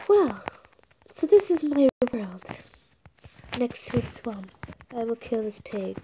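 A woman's voice: mid-range voice, creaky, mellow. A young woman casually narrating her gameplay, rambling and a little awkward, often dropping to a whisper. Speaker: game vlogger. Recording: noisy home recording.

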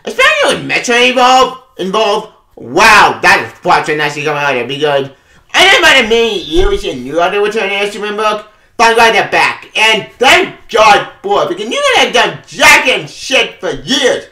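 A man giving a casual comic book review, excitable, swearing a lot and laughing often. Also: high voice, normal speed, reverberant.

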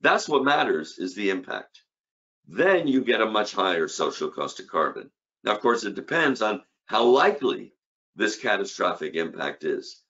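A man's voice: on the low side, big pitch swings, moderate pace, pushed and bright, dull audio. An older man giving an academic conference lecture on economics, emphatic, with rhetorical questions and punchy repeated short phrases.

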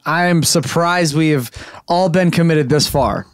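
A man co-hosting a casual podcast, dropping short, dry quips into the chatter. His voice sits a bit above the usual male pitch, recorded close and dry with no room sound. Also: unhurried, clean tone, no room sound. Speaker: podcast co-host.

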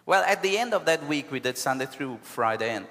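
A man with a South African accent, a pastor telling a story in an animated sermon, punctuated with hallelujahs and asides. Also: on the high side, fairly quick. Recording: long hall reverb.

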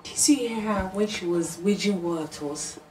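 A woman's voice: medium pitch, moderate pace, dark tone, slight background noise, lightly acted, poor audio. An actress playing a loyal young woman who coaxes and urges her friend. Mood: coaxing. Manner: coaxing.

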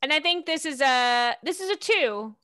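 A woman's voice: high-pitched, expressive, normal speed, pushed and bright. A woman narrating a tabletop game as its game master, playful and amused.

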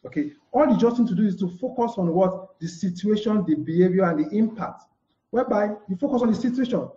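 His voice is high-pitched and warm, and he talks fairly quickly. The man, a communication trainer, runs a live-streamed lesson, peppering it with "okay" and replying to his own questions, recorded on a live broadcast mic in a dull, echoey space.

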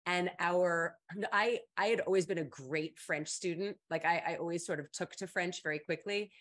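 A middle-aged woman who hosts an advice stream tells a story in casual conversation, speaking at normal speed in a fairly bright tone. She jumps into high voices whenever she quotes people.

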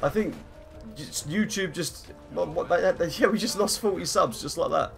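A man's voice: high voice, normal speed, creaky, soft background music. A young man streaming a game live, chatting in a rambling, self-mocking way and greeting viewers by name. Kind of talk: casual live-stream gaming chat.

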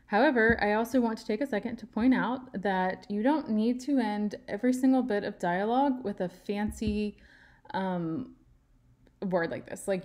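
A woman's voice: medium pitch, a little mellow. A woman teaching writing in a tutorial, patient and step by step, leaning on key words for emphasis. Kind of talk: screen-share writing tutorial.

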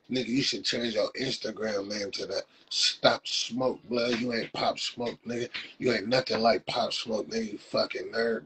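Raspy, forceful Los man roasting viewers. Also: fairly low pitch, rough recording. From Compton, Los Angeles. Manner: profane, mocking roasts of viewers with frequent laughs. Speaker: live stream host. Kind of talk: casual live stream chat.

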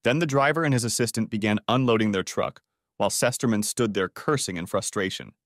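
A man's voice: fairly low pitch, brisk, no echo. A man narrating a dramatic audiobook story in a scripted reading, on a close studio mic.

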